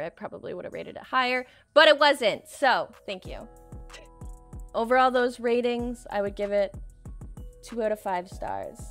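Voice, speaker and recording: A young woman gaming streamer with a slightly high voice gives casual commentary while playing a shooter. She's excitable and screams often, laughing and swearing between calmer stretches.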